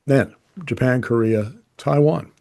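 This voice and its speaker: A man delivers explanatory commentary as an energy journalist, in a mid-pitched, mellow voice. He speaks casually and with strong opinions, often breaking off and restarting his sentences as he works through the data. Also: a little slow, vocal fry.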